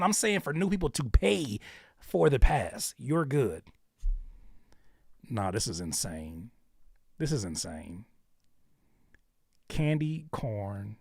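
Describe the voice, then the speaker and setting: A man's voice: fairly high pitch, lively intonation, moderate pace, gravelly, no room sound, clean studio sound. A man hosting a music-reaction livestream, joking and repeating lines for effect in casual, profane chat. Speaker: livestream host reviewing music submissions.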